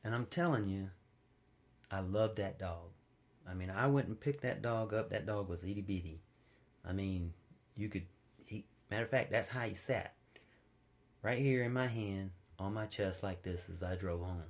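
Man preaching in casual storytelling style. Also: moderate pace. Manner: informal storytelling, wide swings in pitch and loudness, drops low and quiet for stories. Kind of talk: conversational sermon.

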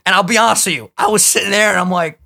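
A young man co-hosting a podcast, swearing freely and telling wild stories with plenty of energy. His voice sits a little high and sounds bright and forceful, and it rises to near shouts at the peaks. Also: racing, gravelly, no room sound, studio quality. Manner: profane, animated storyteller, gets loud and laughs telling stories. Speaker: podcast co-host. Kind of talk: casual podcast chat.

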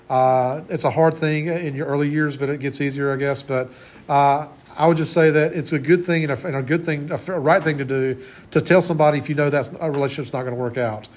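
A man's voice: a little high, a little mellow. A man in his forties giving a conversational classroom lecture as college instructor, often restarting his sentences. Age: 40s.

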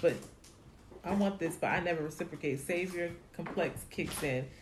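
A woman's voice: lowish voice, normal speed, reverberant, background noise. A woman co-hosting a casual group chat, talking reflectively and reading listener comments.

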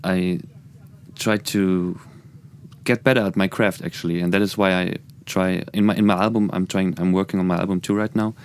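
A man's voice: low-pitched, steady tone, moderate pace, clean tone. A man with a German accent, a musician guest talking earnestly and reflectively in a casual podcast chat. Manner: earnest, reflective, many restarts.

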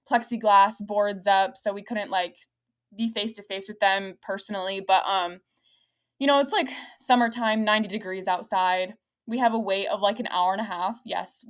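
A young adult woman hosting a podcast, telling a story in a lively, rambling way with lots of fillers and frequent laughter. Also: mid-range voice. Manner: laughs often while talking. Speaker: podcast host. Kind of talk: casual podcast chat.

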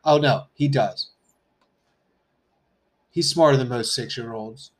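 A man's voice: medium pitch, slow. A man in casual chat, speaking bluntly and ranting with frequent profanity. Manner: blunt, heavy swearing, ranting.

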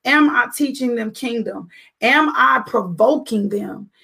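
A woman's voice: a little high, unhurried, vocal fry, sharp tone, husky. A middle-aged mother giving an earnest, preachy faith-based parenting talk, full of rhetorical questions.

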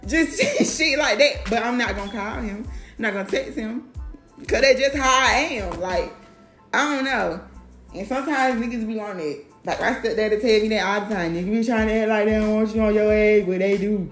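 A woman's voice: mid-range voice, moderate pace. A woman talking in a casual, blunt and profane monologue, telling her stories with lots of animation. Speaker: mother talking to camera. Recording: roomy sound with faint music.

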